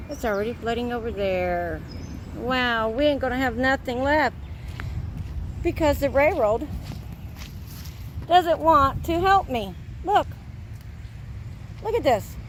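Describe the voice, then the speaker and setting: A woman's voice: on the high side, a little hiss or hum. A woman filming her flooded back yard on her phone, upset and exasperated, telling the viewer again and again to look. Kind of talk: phone video walk-through, complaining. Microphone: handheld phone.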